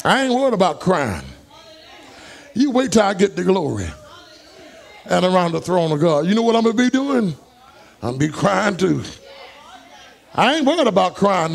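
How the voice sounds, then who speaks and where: A man preaching a fervent sermon in church, rising into shouts and high whoops. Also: sing-song, moderate pace, gravelly, pauses often. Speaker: pastor. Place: church sanctuary.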